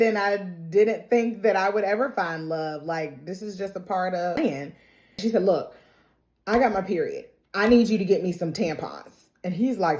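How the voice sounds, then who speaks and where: A woman's voice: medium pitch, lively intonation, moderate pace, darkish tone. A woman casually recapping a TV episode, telling it as chatty gossip, acting out quotes and laughing often. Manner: chatty storytelling, acts out quotes; laughs often while talking. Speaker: TV recap vlogger.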